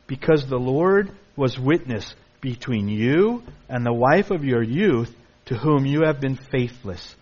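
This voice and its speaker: A man preaching a sermon emphatically, reading scripture aloud and sometimes mimicking excuses in a higher voice. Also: highs cut off. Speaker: pastor.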